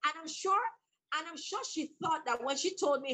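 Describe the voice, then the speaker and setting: A woman's voice: high voice, animated, fairly quick, pushed and bright, low-quality recording. A woman, an author, telling a story from her working life in an emphatic, bold way as an interview guest. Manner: emphatic, bold, laughs often. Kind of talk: animated storytelling in conversation.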